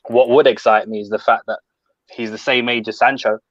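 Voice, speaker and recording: Measured man on a dull dry mic. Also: mid-range voice, steady tone, fairly bright tone, no echo. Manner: measured, explanatory. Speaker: podcast panelist. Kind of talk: casual football podcast chat.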